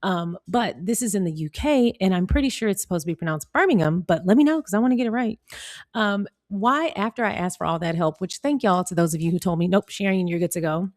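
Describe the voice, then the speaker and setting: A woman's voice: medium pitch, lively intonation, fast talker, a little mellow, no echo. An American woman vlogger chatting casually with her viewers and reading an article aloud, laughing often. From United States.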